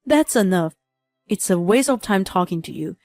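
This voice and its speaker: A woman's voice: medium pitch, lively intonation, normal speed, darkish tone, faint music behind, close to an everyday voice. A woman voicing an arrogant, selfish young husband in a read-aloud story, talking down to his wife. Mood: dismissive. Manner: condescending, dismissive. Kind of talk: scripted story reading.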